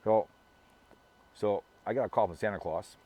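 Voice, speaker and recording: A man's voice: fairly low pitch, normal speed, mellow. A middle-aged man from Minnesota talking to his viewers in a rambling, gossipy way, full of restarts and repeated words. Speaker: vlogger. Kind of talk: casual rambling monologue.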